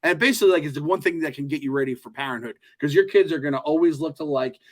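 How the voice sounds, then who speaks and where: A man co-hosting a podcast, chatting casually in an animated, joking way with lots of swearing. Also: a little high, racing. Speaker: podcast co-host. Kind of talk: casual chat.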